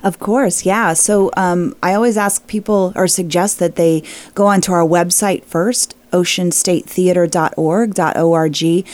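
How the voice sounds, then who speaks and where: Lower-voiced woman, dry close sound. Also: steady tone, measured pace, hardly any pauses, darkish tone, no echo. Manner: friendly, informative, with fillers. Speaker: theater director. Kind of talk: casual interview.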